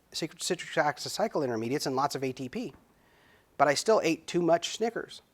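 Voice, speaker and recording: A middle-aged man talks through a recorded lecture at a medium pitch. He pauses often with fillers and restarts, and slows down to lean on key terms. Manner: halting, stretches key words, many fillers. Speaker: biochemistry lecturer.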